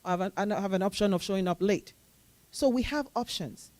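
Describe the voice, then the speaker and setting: A woman team leader on a panel, giving practical career advice in a steady, matter-of-fact, instructive way. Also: mid-range voice, fairly quick, no room sound.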